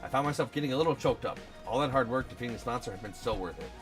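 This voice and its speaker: Guy streaming a visual novel, talks quick and dry, game music behind. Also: mid-range voice. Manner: fast, sardonic asides.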